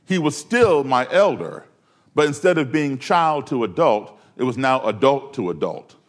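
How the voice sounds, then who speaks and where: A man's voice: mid-range voice, expressive, normal speed. A man from Maryland telling a personal story in a conversational way, with fillers and restarts. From Maryland, USA.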